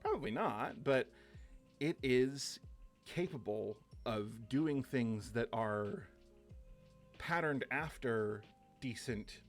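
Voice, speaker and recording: A man teaching a short course, talking loosely through slides with many fillers and quick asides. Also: medium pitch, lively intonation, faint music behind. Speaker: course instructor. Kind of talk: casual lecture over slides.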